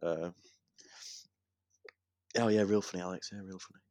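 A young man with a very low, deep voice tells an animated story on a casual podcast. His delivery is full of swearing and laughter. The sound is dry and close to the mic. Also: moderate pace, dry recording. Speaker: podcast co-host.

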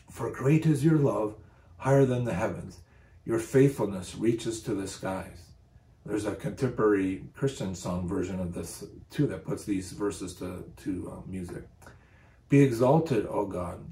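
Earnest low-voiced male preacher. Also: a little mellow, roomy sound. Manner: earnest, emphatic when quoting scripture. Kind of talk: sermon.

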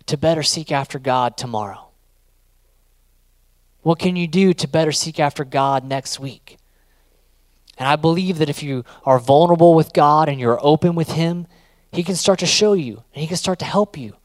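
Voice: medium pitch, normal speed, long pauses, no echo. A youth pastor giving a casual sermon, urging listeners on in rhythmic, repeated phrases.

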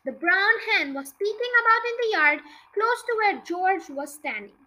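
A woman reading a children's book aloud for her podcast in an expressive, lively way. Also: very high-pitched, moderate pace, poor audio. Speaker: podcast reader.

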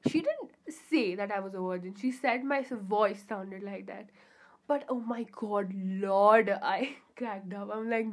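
A woman's voice: medium pitch, a little slow. A young adult woman hosting a casual solo podcast, rambling and chatty with lots of fillers and giggly asides, in a pure-sounding voice. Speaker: podcast host.

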